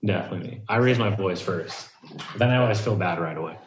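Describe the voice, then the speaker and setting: A man on a video call, agreeing quickly and admitting he is the one who yells. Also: deep voice, echoey room, slight background noise. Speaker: podcast guest. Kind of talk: casual chat over video call.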